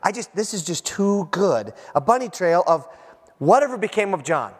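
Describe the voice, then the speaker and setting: A man preaching a sermon in a lively, animated way, acting out quotes and breaking into asides. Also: high-pitched, moderate pace. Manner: animated, acts out quotes, self-interrupting asides. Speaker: pastor. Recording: long reverb of a large hall.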